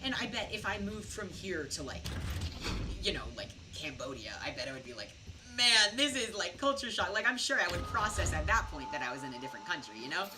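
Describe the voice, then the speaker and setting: A woman's voice: low-pitched, very animated, fast, over music. Tipsy, chatty young American woman streamer. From United States. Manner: rambling, chatty storytelling with many fillers. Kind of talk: casual gaming stream chat. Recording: distant mic with background noise.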